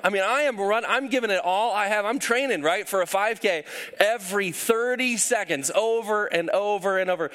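A man's voice: sits high, animated, brisk, fairly bright tone. A man preaching a sermon to a congregation, telling a personal story with self-deprecating humor and acting out voices. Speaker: pastor.

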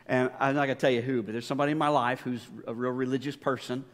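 A man's voice: medium pitch, steady tone, fast talker, hardly any pauses. A male pastor giving a conversational, emphatic sermon full of stories. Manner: conversational, emphatic preaching with storytelling. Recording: long reverb of a large church hall.

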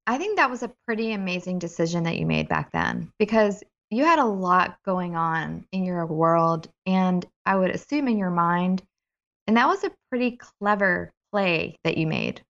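A woman's voice: lowish voice, lively intonation, normal speed, vocal fry. Friendly woman host, dull recording. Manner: friendly and prompting, laughs often. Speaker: podcast host. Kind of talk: interviewing.

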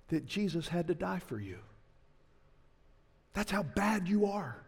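A man preaching a sermon as a pastor, impassioned, dropping to a hush at times. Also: high-pitched, very animated, measured pace, vocal fry, pauses often, breathy edge, long reverb tail.

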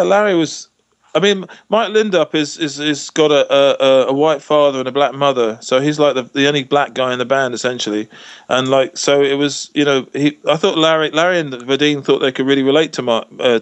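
A man's voice: medium pitch, fairly even intonation, moderate pace, smooth, no room sound. A man who is a musician guest, telling stories in a casual interview over a video call, with lots of restarts. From England. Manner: chatty, lots of restarts and "you know".

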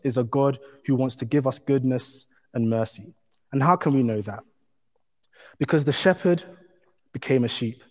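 A man's voice: mid-range voice, darkish tone. Man preaching in a long-echo hall. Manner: measured, emphatic preaching with repetition. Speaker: pastor. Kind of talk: sermon.

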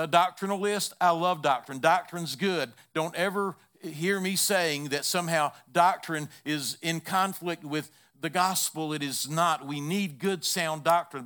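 Emphatic, bright-voiced male preacher. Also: a little high, clean tone. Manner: emphatic, repetitive lists, sudden drops to a hush. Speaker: pastor. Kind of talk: sermon.

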